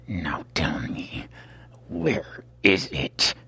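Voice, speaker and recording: A man voicing a huge, menacing male attacker who speaks slowly and deliberately, sometimes in a low whisper. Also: animated, sharp tone, husky, heavily acted.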